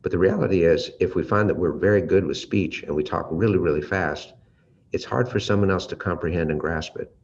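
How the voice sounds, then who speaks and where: An American man giving a leadership lesson on using the voice, shifting his volume and pace to demonstrate and stretching out his pauses. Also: low-pitched, gravelly, darkish tone. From United States. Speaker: leadership trainer. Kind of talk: teaching talk with vocal demonstrations. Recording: slightly dull audio with faint ambient noise.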